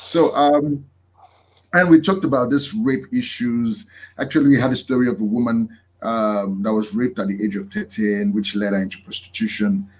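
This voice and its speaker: A man hosting a talk show, speaking haltingly with many fillers. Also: mid-range voice, fairly even intonation. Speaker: host.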